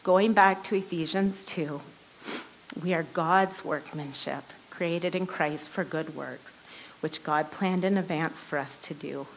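A woman speaks slowly and unhurriedly, sharing a personal devotional story with a women's group. Her voice sits a little low for a woman. She is earnest and often breaks into a soft laugh mid-sentence. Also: slight background noise, poor audio.

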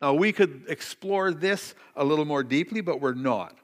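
A man's voice: on the high side, normal speed. Man preaching in a reverberant hall. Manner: storytelling, animated, jokey asides. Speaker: pastor. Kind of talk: sermon.

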